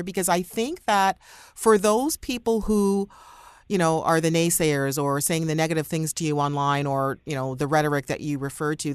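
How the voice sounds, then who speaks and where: A woman hosts a podcast interview in a low voice. She encourages and affirms her guest as she asks her questions. The recording is dry, with no room sound. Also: clear, resonant tone, no echo. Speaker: podcast host.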